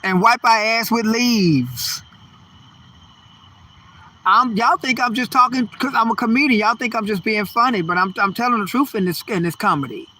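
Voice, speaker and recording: A man's voice: sits high, moderate pace, a little hiss or hum. An older man, a comedian, ranting in a profane, rambling monologue. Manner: animated, profane, rambling rant. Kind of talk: stand-up style ranting monologue.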